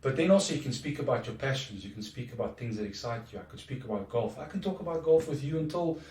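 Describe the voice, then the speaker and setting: Expressive and fast, this podcast guest has a medium-pitched, darkish voice, with slight background noise. Sitting far from the mic in an echoey room, he talks casually in a reflective, earnest way with frequent restarts.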